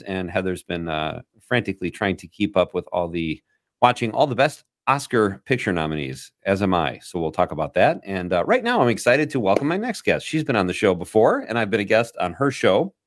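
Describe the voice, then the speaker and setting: A man's voice: on the low side, no room sound, clean studio sound. A man hosting a radio talk show, chatting casually and playfully, joking with his guest. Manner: playful, joking, laughs easily.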